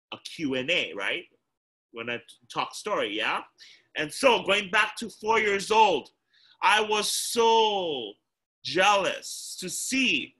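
A man from Hawaii with a bright, slightly high voice speaks to a group of children over a video call. He is an animated storyteller who acts out his younger self, and his tone swings from loud to hushed as he talks. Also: husky. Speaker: guest speaker. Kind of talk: motivational talk to children.

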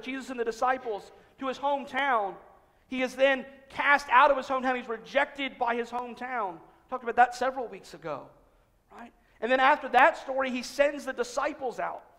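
A male pastor with a notably high voice delivers a conversational sermon, acting out little quoted exchanges and sinking to near-whispers on key lines. His words ring out in a church sanctuary, trailing a long, echoing reverb. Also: normal speed. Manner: conversational preaching with acted-out quotes, dropping to hushed emphasis.

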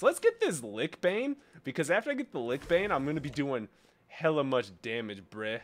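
A young man commentating his own gameplay, boastful and profane, swinging between low mutters and loud triumphant yelling. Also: big pitch swings, normal speed. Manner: profane, boastful, self-mocking. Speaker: gaming streamer.

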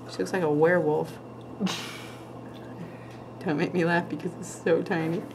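A woman's voice: lowish voice, little pitch movement, moderate pace, noisy background. A woman hosting a nail art tutorial, chatting casually and giggling while she paints, sometimes trailing off as she concentrates. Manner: chatty and giggly, with frequent laughs; talks while concentrating, trailing off mid-sentence.

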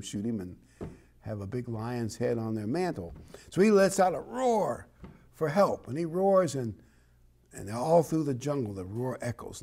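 A man's voice: medium pitch, a little mellow. Chatty, encouraging male preacher. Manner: conversational, encouraging, chuckles. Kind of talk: sermon.

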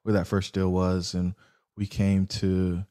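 A man telling a story as an interview guest, his voice mellow and warm. He talks in an animated way, acting out the other people in the story with jumps in pitch. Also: measured pace, smooth. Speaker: guest, real estate investor.

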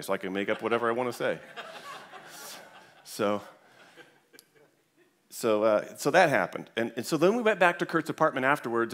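A man's voice: mid-range voice, a bit bright. A man speaking at a church event, telling an anecdote to an audience with many fillers and restarts. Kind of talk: storytelling talk to an audience.

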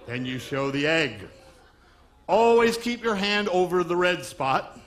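A man's voice: high voice, very animated, unhurried, fairly bright tone. A man from Long Island doing a stand-up comedy magic act, wisecracking patter on stage before a live audience. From Long Island, New York.

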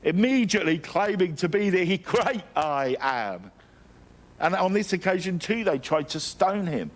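A man's voice: high-pitched, very animated, unhurried. A middle-aged man from England preaching a sermon, telling stories with self-deprecating humour and frequent restarts. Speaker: guest preacher.

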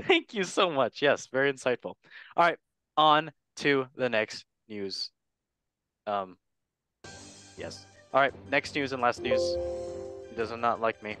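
A man's voice: medium pitch, lively intonation, unhurried, long pauses, bright, forceful tone, smooth, faint music behind. A man hosting a casual football chat show, joking with his panel and reading out the news. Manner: jokey, teasing, reads news aloud. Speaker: host.

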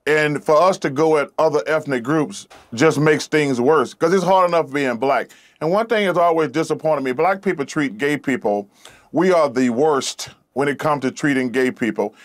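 A man's voice: a little high, normal speed. A man, a talk-show guest speaking earnestly and repeating words as he searches for them. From Alabama. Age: 50s.

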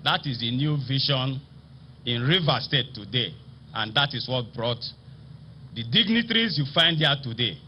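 A man with a Nigerian accent, a state assembly speaker, delivering a formal ceremonial speech in a slow, emphatic, oratorical manner. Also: mid-range voice, expressive, a little hiss or hum. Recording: slightly dull broadcast audio with faint ambience.

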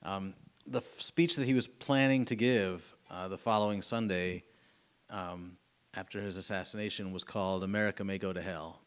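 Man, middle-aged, author at a live talk, fairly low voice, earnest, animated. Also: normal speed, clean tone. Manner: earnest, animated storytelling with fillers and restarts. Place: museum event room with audience.

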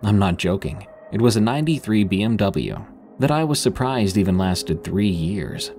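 A deep, low-pitched man reads a true scary story aloud in the first person, building tension through a dramatic delivery. Soft music hums faintly beneath his voice. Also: expressive, normal speed. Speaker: horror story narrator. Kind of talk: scripted first-person horror narration. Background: faint background music.

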